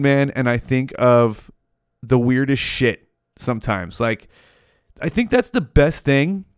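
A man's voice: medium pitch, clear, resonant tone, dry recording. Profane rambling man, dry sound. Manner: profane, rambling, stoner musing. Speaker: podcast host. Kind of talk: casual rambling monologue.

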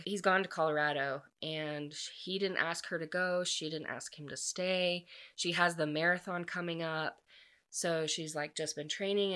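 A woman's voice: fairly low pitch, fairly bright tone. A woman casually recapping a romance novel, chatty and full of fillers, gushing and emotionally invested. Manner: chatty, filler-heavy storytelling. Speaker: book reviewer.

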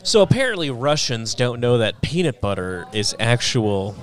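Male co-host, teasing and playful, pitch swinging up and down, mock-announcer flair. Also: big pitch swings, normal speed. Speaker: podcast co-host. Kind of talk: casual chat.

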